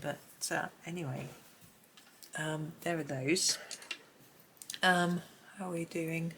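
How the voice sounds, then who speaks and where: A woman's voice: low voice, fairly even intonation, slow, creaky, a bit bright, slight background noise. A middle-aged woman with a Gloucestershire accent, talking and rambling as she leads a colouring tutorial. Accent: Gloucestershire English. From England. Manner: rambling and self-amused, thinking aloud while colouring. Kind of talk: chatty narrated drawing tutorial. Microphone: camera mic on a tripod.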